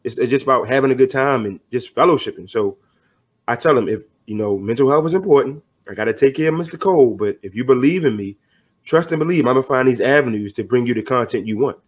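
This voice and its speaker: Middle-aged guy on a podcast, earnest and fired up, slangy, normal pitch. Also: quick pace. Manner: earnest, motivational, conversational slang. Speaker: podcast guest. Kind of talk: casual podcast conversation.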